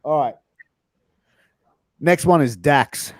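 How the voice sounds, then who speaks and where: A man's voice: a little high, normal speed, darkish tone, no echo. A man with an Australian accent hosting a casual interview over a video call, laid-back and full of slang, laughing easily. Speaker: podcast host.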